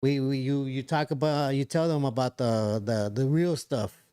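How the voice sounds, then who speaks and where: A man's voice: mid-range voice, moderate pace, mellow, clear, resonant tone. Laid-back man co-hosting a podcast. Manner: short affirmations and teasing asides. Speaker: podcast co-host and producer. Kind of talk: casual podcast chat.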